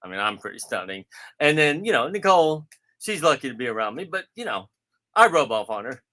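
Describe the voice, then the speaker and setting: Man, bright voice, teasing, self-mocking, casual chat. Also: mid-range voice, fairly quick. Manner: quotes people in animated voices.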